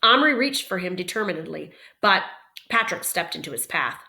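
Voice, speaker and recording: A teacher reading a story aloud to her class, expressive and playful, pausing for quick teaching asides. Her voice is bright and crisp, and her pitch swings widely.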